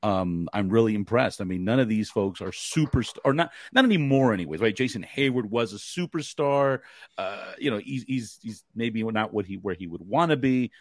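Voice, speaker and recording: A man's voice: lowish voice, normal speed, no room sound. Chatty male co-host, dry sound. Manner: animated storyteller, laughs easily. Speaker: podcast co-host. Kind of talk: casual sports podcast chat.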